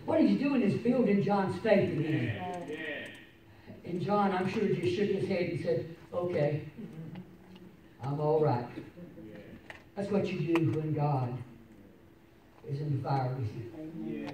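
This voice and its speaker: Woman pastor mid-sermon, fervent then hushed; recorded far off in a reverberant church with the congregation around her. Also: fairly low pitch, animated, a little slow, pauses often, a crowd in the background. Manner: fervent preaching, rising to shouts, dropping to soft personal storytelling. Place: church sanctuary. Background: congregation responses.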